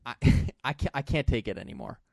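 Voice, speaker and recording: A man's voice: mid-range voice, sing-song, brisk, creaky, darkish tone, breathy edge, no echo, clean studio sound. A man co-hosting a casual podcast, joking around playfully and trying out silly accents. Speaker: podcast co-host.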